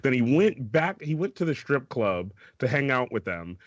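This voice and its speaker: A man's voice: mid-range voice, moderate pace, no echo, lo-fi sound. A man co-hosting a casual comedy podcast, telling stories with swearing and acted-out voices. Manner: animated storyteller, swears, acts out voices. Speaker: podcast co-host.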